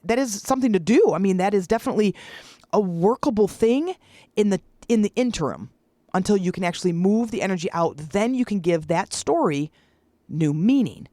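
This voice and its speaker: Podcast host, forties, casual solo monologue, lively storytelling, middle pitch, dry recording. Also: no room sound. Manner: chatty, acts out their own and others' voices in stories. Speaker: podcast host and public speaker.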